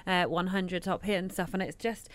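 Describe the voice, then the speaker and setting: A woman hosting a daytime radio show, chatting in an animated way. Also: lowish voice, normal speed. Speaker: radio host. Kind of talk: casual radio chat.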